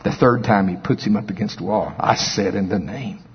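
A man preaching a sermon, telling stories with big swings from quiet murmurs to high, excited shouts. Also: moderate pace, breathy edge. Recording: dull lo-fi recording with long hall reverb.

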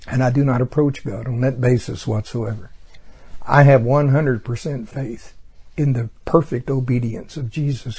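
A man preaching a sermon with fervor, breaking into exclamations of praise and swinging from loud emphasis to quiet asides. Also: mid-range voice, husky.

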